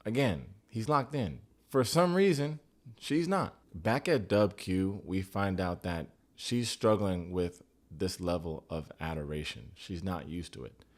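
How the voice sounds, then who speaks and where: A man's voice: deep voice, a little slow. A man hosting a comedic TV recap, with jokey, profane, sarcastic asides. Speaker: recap show host.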